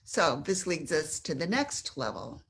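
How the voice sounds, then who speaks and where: Lower-voiced woman presenting a parent workshop. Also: very animated, measured pace, a little hiss or hum. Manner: explanatory, informal, small asides while handling slides. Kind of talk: presenting slides in a live session.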